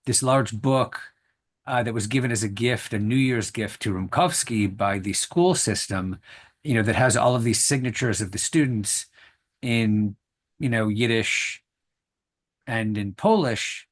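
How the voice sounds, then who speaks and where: Hesitant, low-voiced male moderator. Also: measured pace. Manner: hesitant, many fillers and restarts. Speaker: moderator of a lecture Q&A. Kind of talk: online lecture Q&A over video call. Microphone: video call.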